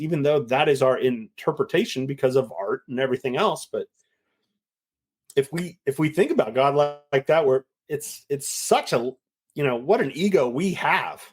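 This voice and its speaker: A middle-aged man, a winemaker, chatting casually and telling a lively story, acting out the voices of the people in it. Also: a little high, moderate pace, slightly rough. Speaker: winemaker guest. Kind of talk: casual chat.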